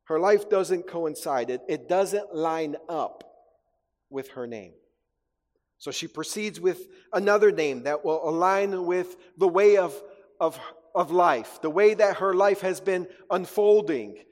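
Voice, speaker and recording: A man's voice: high voice, slow, big-room sound. A male pastor preaching a sermon in an earnest way, often repeating words as he goes. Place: church.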